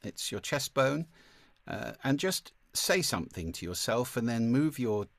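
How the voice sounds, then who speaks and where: A man teaching a masterclass on speaking, with a clear, deliberate delivery and occasional vocal demonstrations. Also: mid-range voice, very animated, no room sound. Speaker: speaking coach. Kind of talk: online masterclass lesson.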